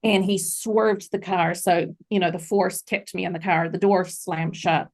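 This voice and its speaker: Middle-aged woman, podcast guest, earnest and reflective, lowish pitch with some vocal fry. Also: steady tone, a little slow, a little mellow. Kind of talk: personal story in a podcast interview.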